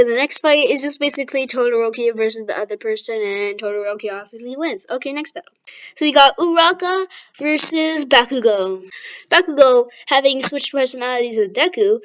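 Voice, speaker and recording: A woman's voice: high-pitched, fairly bright tone. A woman casually retelling a fan story, chatty and self-deprecating.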